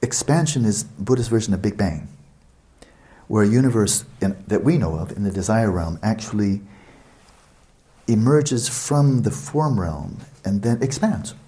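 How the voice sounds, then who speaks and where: Male meditation teacher, lower register, mellow and relaxed tone; expansive, explanatory retreat-talk delivery with repetition and asides. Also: a little slow. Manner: expansive, explanatory, repeats words for emphasis; conversational asides to listeners.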